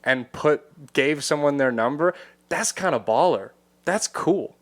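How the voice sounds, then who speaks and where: A man's voice: a little high, expressive, unhurried, fairly bright tone. A man hosting a casual comedy podcast, joking and swearing freely. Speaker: podcast host.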